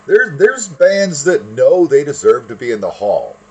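A man's voice: mid-range voice, big pitch swings, measured pace, darkish tone, a little hiss or hum. A man co-hosting a podcast in casual chat, emphatic and enthusiastic. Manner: enthusiastic, emphatic fan talk. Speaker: podcast co-host.

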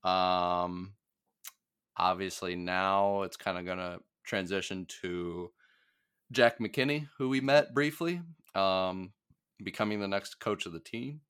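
A man co-hosting a podcast, chatting casually about a TV episode, laughing often and relaxed with fillers. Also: sits low, slow pace, clear, resonant tone. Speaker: podcast co-host.

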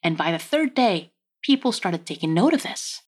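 A woman's voice: on the low side, very animated, moderate pace, breathy edge. A woman hosting a casual history podcast, telling the story with wry, joking asides. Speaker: podcast host.

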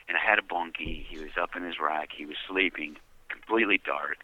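A man giving an earnest, heavy personal testimony by phone from prison, often dropping to a hushed voice. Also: a bass voice, brisk, dry recording. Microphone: prison payphone handset. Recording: dull dry phone-call audio.

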